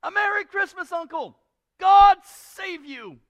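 A man voicing a cheerful, eager young nephew, raising his voice high for the part. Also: animated, moderate pace, gravelly, muffled recording, full character voice. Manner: gay, bright, pleading.

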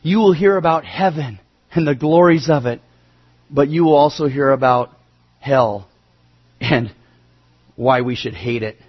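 Male pastor, sermon, high voice, earnest emphasis, dull lo-fi recording. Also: a little slow, pauses often, slightly rough. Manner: earnest preaching, rising emphasis then dropping low and quiet.

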